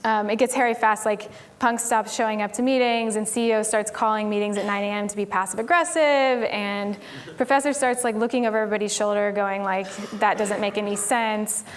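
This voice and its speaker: A woman's voice: medium pitch, quick pace. A woman from Tennessee giving a casual conference talk on stage, chatty and full of "like" and "um". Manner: chatty, frequent "like" and "um" fillers. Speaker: conference speaker.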